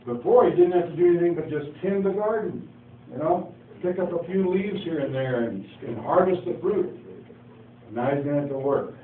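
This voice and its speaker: A man's voice: on the high side, moderate pace, narrow, tinny audio. A man giving an informal Bible teaching, telling the story in a folksy way and acting out the dialogue with asides. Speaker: preacher. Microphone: phone. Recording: echoey, distant phone recording with faint noise.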